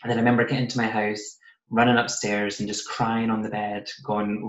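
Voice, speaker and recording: A British man quietly telling a personal story in a casual podcast chat, often voicing what he said and thought back then. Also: fairly low pitch, level tone, fairly quick. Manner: soft-spoken, recounting with quoted asides. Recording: roomy, slightly muffled podcast audio.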